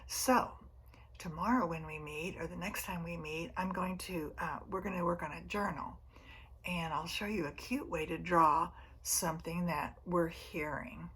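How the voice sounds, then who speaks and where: A preschool teacher, a woman, reads a picture book aloud to young children, often dropping to a near whisper and gently asking them questions. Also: on the low side, fairly even intonation, measured pace, husky.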